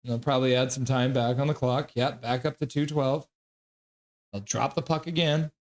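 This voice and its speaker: His medium-pitched voice stays fairly even at a normal speed as he casually calls a hockey game on a live stream. He's talkative, reads viewers' messages aloud and laughs frequently.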